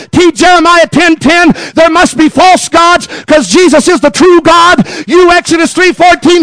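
A male pastor preaching a sermon at a camp meeting, building from quiet teaching to shouted calls. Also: extremely high pitch, dry recording.

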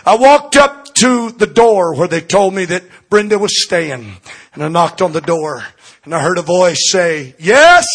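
High-voiced husky older preacher. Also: male voice. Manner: emotional preacher, drops to soft low tones for tender moments. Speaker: pastor. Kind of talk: sermon storytelling. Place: church sanctuary.

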